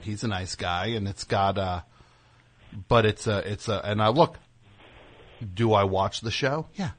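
A man hosting a comedy talk show who rambles from one riff to the next with a sarcastic edge. His voice sits fairly low, and his banter is loose and conversational. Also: unhurried, fairly bright tone. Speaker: radio show host.

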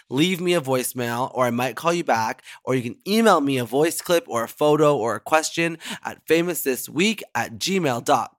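Camp, animated male podcast host. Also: mid-range voice, no echo, studio quality. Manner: camp, animated, swears freely. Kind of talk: casual chat.

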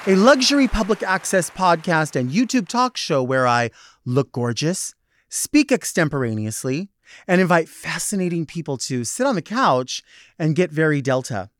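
Campy drag host with a dry close sound. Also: male voice, fairly high pitch, sing-song, moderate pace, fairly bright tone, dry recording. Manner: theatrical, playful drag persona with sassy asides. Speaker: podcast host. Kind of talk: campy talk show monologue.

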